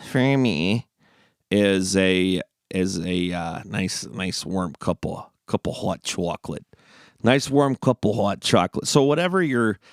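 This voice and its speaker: Low-voiced rambling man hosting. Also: gravelly, clear, resonant tone, no echo, clean studio sound. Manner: rambling, repeats and restarts phrases. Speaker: host. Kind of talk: casual stream-of-consciousness monologue.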